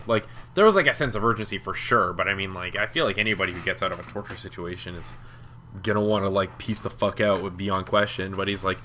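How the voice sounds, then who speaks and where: A man with a low-pitched but bright, forceful voice hosts a relaxed book discussion. His talk rambles along on fillers and turns playful and emphatic when he makes a point. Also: fast. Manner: loose, filler-heavy talk full of 'like'; jokey and emphatic when arguing. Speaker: podcast host. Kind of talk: casual book club chat.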